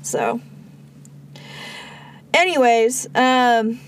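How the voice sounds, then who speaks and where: A woman's voice: a little high, very animated, drawn-out words, a little hiss or hum. A young woman co-hosting a casual faith podcast, rambling with fillers and restarts. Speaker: podcast co-host.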